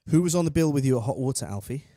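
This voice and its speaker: Podcast co-host, man, mid-pitched, jokey banter, close dry sound. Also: expressive, very fast, mellow, no echo. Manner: joking, banter, drinking. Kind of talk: casual chat over a live race.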